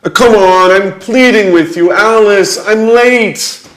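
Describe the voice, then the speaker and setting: A man's voice: sits high, a bit bright, echoey room. Jack, a man playing an impatient young guy. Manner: hurried, pleading. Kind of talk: scripted listening dialogue.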